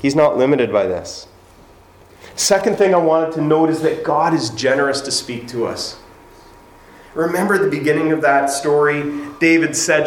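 A man giving a conversational sermon as pastor, now and then acting out quoted voices. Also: on the high side. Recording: echoey room with faint ambience.

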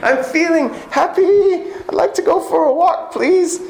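A man voicing a frail old man who insists he is not dead yet, in a put-on British accent, squeaky and chirpy. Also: measured pace, reverberant, a crowd in the background, poor audio.

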